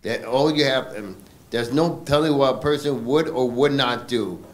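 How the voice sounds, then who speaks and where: Man answering with halting fillers. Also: mid-range voice. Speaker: congregant.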